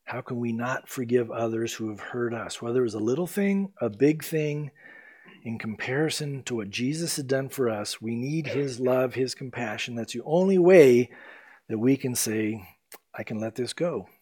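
A man preaching a sermon as pastor, earnest, swinging between loud emphasis and hushed, soft passages. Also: medium pitch, animated, moderate pace.

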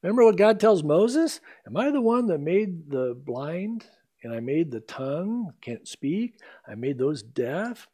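A man preaching a sermon with a slightly high voice that leaps around in pitch. He talks emphatically and slows down to stress the scripture he reads. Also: very animated, dark tone. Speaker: pastor.

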